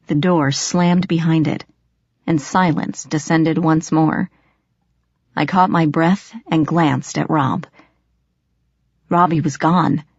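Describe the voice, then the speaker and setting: Low-voiced woman reading an audiobook. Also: no room sound. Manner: expressive, storytelling. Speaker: audiobook narrator. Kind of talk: first-person audiobook narration. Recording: dry, slightly dull audio.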